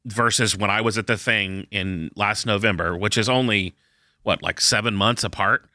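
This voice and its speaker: A man's voice: lowish voice, steady tone, normal speed, sharp tone, dry recording, clean studio sound. A man co-hosting a podcast, telling a story in casual chat with lots of fillers. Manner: rambling, filler-heavy storytelling. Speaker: podcast co-host.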